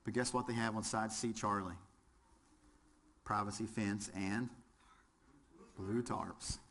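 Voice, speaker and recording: A man's voice: on the low side, fairly even intonation, slow pace, a bit bright, a little hiss or hum. A man with a Southern US accent teaching a fire service class, quizzing the audience and joking as he goes. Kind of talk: lecture with audience participation.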